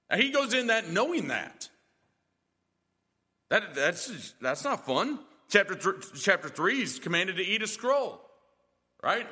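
A man's voice: high voice, sing-song, slow, sharp tone, slightly rough, in a large hall. A male pastor preaching a sermon in a church, emphatic and full of rhetorical questions.

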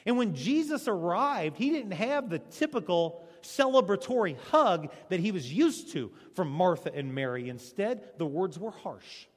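A man preaches a sermon in a lively, sing-song voice that sits a bit high, rising to emphatic peaks and dropping to near-hushed lines. His words ring out with a long reverb around them. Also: unhurried, hardly any pauses. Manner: animated preaching, swinging between loud and hushed. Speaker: pastor.

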